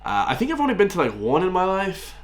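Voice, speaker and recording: A man's voice: high voice, huge pitch swings, fast. An Irish man in his late twenties, hosting a casual reaction video, chatting to viewers and laughing often. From Ireland. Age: 20s.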